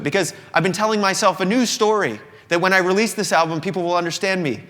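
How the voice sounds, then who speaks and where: A man's voice: high-pitched, fast talker, few pauses, bright, forceful tone. A man in his thirties from the American South, a singer-songwriter giving an earnest, reflective confessional monologue to a live audience. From Southern United States. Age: 30s. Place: indoor company showroom with an audience. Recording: long reverb of a live room.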